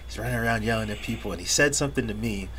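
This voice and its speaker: Speaking rapid-fire in a fairly low voice, this young podcast co-host swears liberally and laughs through his casual storytelling, shouting out the lines he quotes. Slight background noise is audible.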